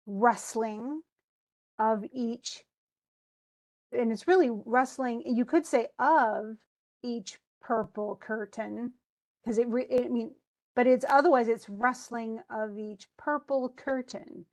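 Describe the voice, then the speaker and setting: A woman's voice: a little high, slow pace, darkish tone. A woman teaching an English class, reading a poem aloud and then explaining its stresses with frequent restarts. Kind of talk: classroom lesson.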